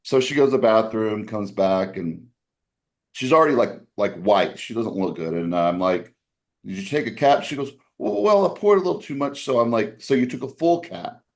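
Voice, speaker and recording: A man casually telling a long story on a podcast, rambling with restarts and acting out other people's lines in a raised voice. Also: moderate pace. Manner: animated, acts out quoted voices with raised pitch.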